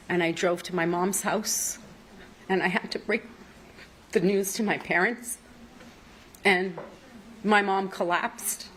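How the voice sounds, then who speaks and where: Low-voiced woman testifying in court. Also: fairly bright tone, poor audio. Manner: recounting events at length, quoting others. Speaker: trial witness.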